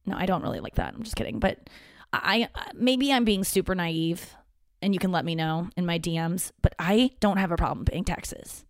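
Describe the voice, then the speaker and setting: Speaking at a normal speed in a lowish voice, a woman hosts her podcast solo, casual and meandering, mocking herself and swearing here and there. It's a dry, studio-quality recording.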